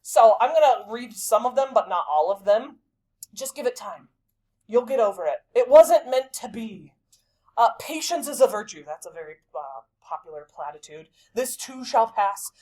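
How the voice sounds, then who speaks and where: Lively, animated woman teacher. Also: mid-range voice, normal speed. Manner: lively, chatty, emphatic teaching. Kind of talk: classroom vocabulary lesson.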